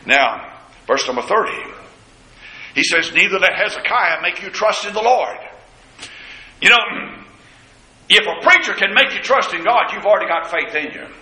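A man's voice: sits high, expressive, normal speed, long pauses, sharp tone. A man preaching a sermon, dramatically acting out the scripture quotes. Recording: echoey church room.

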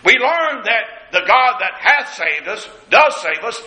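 High, lively male preacher in an echoey church. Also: a little slow. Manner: dramatic preaching, acting out the scripture quotes. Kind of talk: sermon.

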